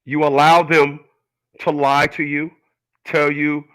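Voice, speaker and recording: A man's voice: a little high, little pitch movement, measured pace, a bit bright, rough recording. A middle-aged man hosting his channel, speaking earnestly and emphatically in a personal monologue to his viewers. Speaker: channel host.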